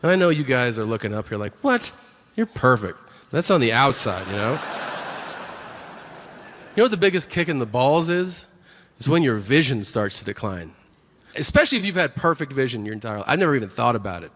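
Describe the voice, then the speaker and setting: A man's voice: mid-range voice, big pitch swings, fairly quick, fairly bright tone, long reverb tail, a little hiss or hum. A middle-aged man performing a stand-up set, brash and profane, telling stories animatedly. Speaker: stand-up comedian.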